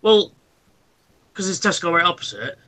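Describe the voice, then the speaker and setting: A man's voice: high-pitched, normal speed. A man who works in a toy shop, chatting casually and acting out customers as he tells stories. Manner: animated storyteller, acts out customers. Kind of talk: casual chat.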